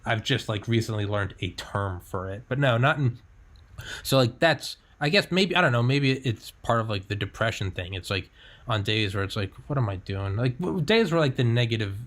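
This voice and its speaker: A man's voice: medium pitch, expressive, moderate pace, a bit bright. A young man hosting a casual podcast chat, talking candidly, swearing freely and acting out his own thoughts. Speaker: podcast host.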